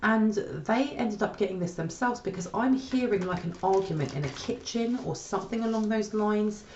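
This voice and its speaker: A woman's voice: fairly low pitch, darkish tone, roomy sound, lo-fi sound. A woman giving a casual spoken tarot reading, chatty and often checking in with "okay?". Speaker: tarot reader.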